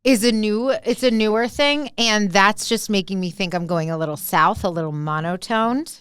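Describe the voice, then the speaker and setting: Smooth-voiced woman in casual podcast chat. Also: medium pitch, normal speed, a bit bright, no room sound, clean studio sound. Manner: playful, gushing, chatty with friend. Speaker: podcast co-host.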